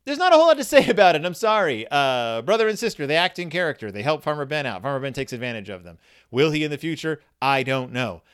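A man's voice: on the high side, big pitch swings, fast, a bit bright, smooth. A man casually reviewing a children's book on his own, rambling and wry.

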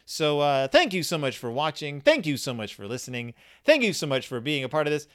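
A man's voice: on the high side, big pitch swings, fairly quick. Rambling, chatty man reviewing a book. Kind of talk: casual solo review.

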